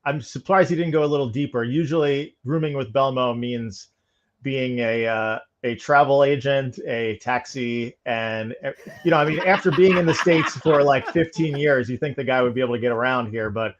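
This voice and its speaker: A man's voice: mid-range voice, moderate pace. A man from New York co-hosting a bowling podcast, giving thoughtful, analytical takes and often restarting phrases. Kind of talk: casual commentary. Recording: dull lo-fi audio.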